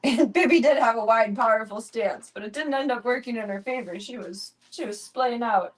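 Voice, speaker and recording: Speaking at normal speed in a voice on the high side, a young woman chats casually on a home live stream. Her talk is full of free swearing and cooing baby talk aimed at her pets.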